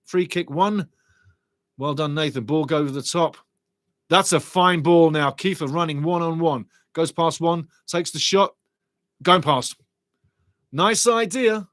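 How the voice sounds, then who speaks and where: A middle-aged man hosting a live football watch-along, calling the action excitedly and reading viewer comments aloud. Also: on the high side, unhurried, long pauses, no echo.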